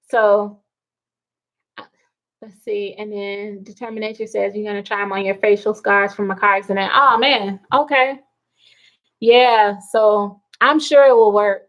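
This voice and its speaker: A woman's voice: medium pitch, dull audio. A woman hosting a casual live stream from home at night, reading viewer comments aloud and chatting with frequent laughter. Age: adult with children. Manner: chatty, laughs often, slow and relaxed.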